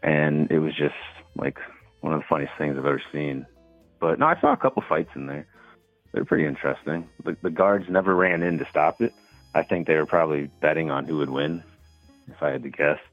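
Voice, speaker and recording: A man, his voice very deep and thin like a tinny phone line. He tells stories in an easygoing way, padded with fillers. The sound is dry and close. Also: brisk, no echo, soft background music. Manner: laid-back storytelling with filler words. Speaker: caller. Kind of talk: casual phone call.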